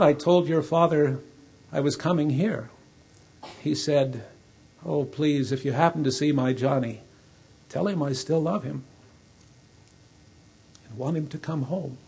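Brief: preacher doing a consoling neighbor, husky and unhurried. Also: male voice, fairly high pitch, a little mellow. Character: kindly neighbor man bringing news from home.

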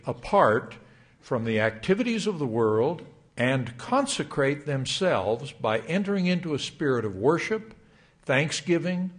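An older man delivering a sermon to young adults, reading scripture in a measured, emphatic way. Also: medium pitch. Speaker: church speaker.

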